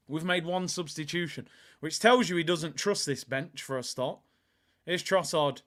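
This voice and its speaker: A man hosting a live football watch-along, ranting in exasperation as he talks over the match. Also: sits high. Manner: exasperated, ranting, swings between mutters and shouts.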